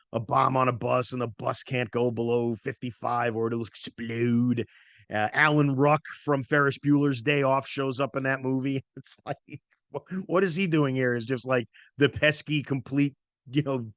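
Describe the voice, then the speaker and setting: A middle-aged man hosts a relaxed movie rundown, wandering through his thoughts with plenty of fillers and restarts. His voice sits at an ordinary pitch. The sound is dry and close, with no room around it. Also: normal speed, no room sound. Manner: rambling, many fillers and self-corrections. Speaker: podcast host. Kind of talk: casual movie review talk.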